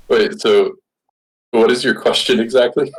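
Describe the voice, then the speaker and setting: Male player, slow, husky, pitch moving a lot, laughs easily. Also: fairly even intonation, rough recording. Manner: amused, laughing often.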